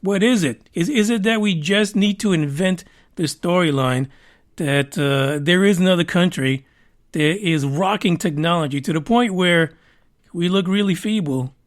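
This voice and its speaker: A man's voice: sits high, moderate pace. A man hosting a podcast, giving rambling, profane and sarcastic commentary on the news. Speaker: podcast host. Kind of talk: casual news commentary rant.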